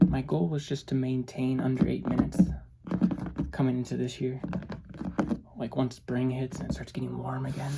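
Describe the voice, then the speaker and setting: Low, gravelly soft-spoken young woman. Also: very noisy. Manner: low monotone, rambling with restarts. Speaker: ASMR creator. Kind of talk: soft-spoken ASMR rambling.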